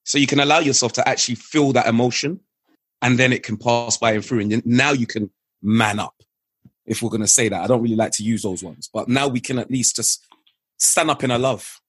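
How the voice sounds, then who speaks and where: A man, a father, speaking as an interview guest in earnest, lively, reflective conversation. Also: medium pitch, a little fast, husky, no echo.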